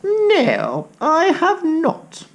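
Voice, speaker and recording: A man putting on a high, fussing old lady from a storybook, kindly and motherly. She speaks slowly, her voice rising and falling a lot. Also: huge pitch swings, vocal fry, exaggerated voice.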